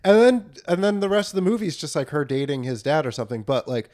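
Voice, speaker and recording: A man's voice: fairly high pitch, big pitch swings, fast, darkish tone. A young man in casual podcast chat, crude and joking, rambling through stories. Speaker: podcast co-host.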